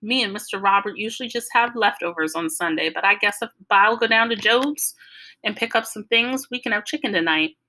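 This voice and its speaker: A woman's voice: mid-range voice, fairly quick, pushed and bright, natural voice. A woman voicing an old Southern grandmother with a firm, emphatic drawl while reading a novel aloud. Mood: bossy.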